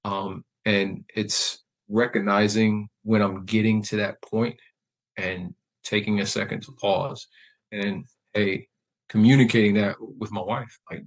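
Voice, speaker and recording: A man and military veteran speaking candidly as a podcast guest, reflective and measured, often pausing with fillers and restarts. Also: on the low side, flat delivery, poor audio. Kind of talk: candid conversational interview.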